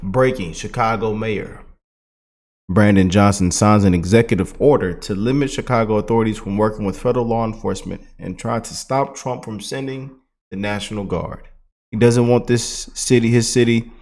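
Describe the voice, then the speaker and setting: Excitable man doing political commentary. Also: fairly low pitch, normal speed. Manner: animated, excitable, mocking.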